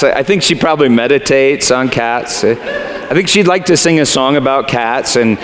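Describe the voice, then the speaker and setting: A man's voice: medium pitch, normal speed, a bit bright, slight background noise. A man preaching a sermon, reading scripture animatedly, then speaking conversationally to the congregation. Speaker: pastor. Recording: long hall reverb.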